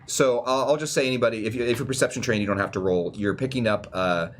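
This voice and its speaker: A man narrating as game master in a tabletop game, talking in a relaxed, halting way with many restarts. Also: mid-range voice, a little hiss or hum.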